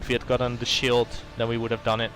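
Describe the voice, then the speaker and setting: A man's voice: medium pitch, monotone, fast talker, fairly bright tone. A man hosting a let's play, reading game text aloud and adding rambling asides. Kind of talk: narrating a video game playthrough.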